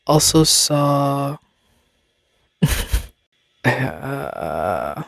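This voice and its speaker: Slow, rambling young woman podcaster. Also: rumbling low, big pitch swings, gravelly, no room sound, clean studio sound. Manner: rambling, laughs often, slangy. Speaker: podcast host. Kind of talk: casual chat.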